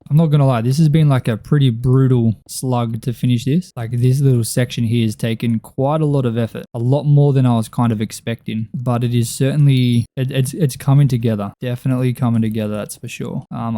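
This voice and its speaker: A man's voice: mid-range voice, dark tone, no echo. A young Australian man casually chatting on a game stream, reading chat aloud and talking to himself as he builds. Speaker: gaming streamer. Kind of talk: casual live-stream chat while playing.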